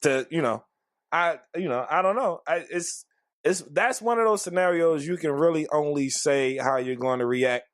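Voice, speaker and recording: A man co-hosting a podcast in casual chat, profane and joking, acting out scenes loudly. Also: on the high side, moderate pace, no echo, clean studio sound. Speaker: podcast co-host.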